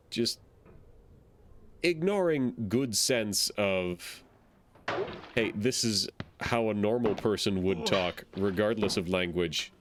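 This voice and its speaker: A man with a lowish voice streams a game, rambling casually and playfully and making silly sound effects between thoughts as he gives gameplay commentary. There's slight background noise.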